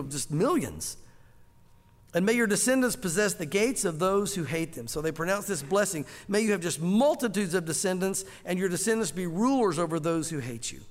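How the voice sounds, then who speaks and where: High-voiced male pastor preaching in a hall. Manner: animated storytelling, acting out dialogue. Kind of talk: sermon.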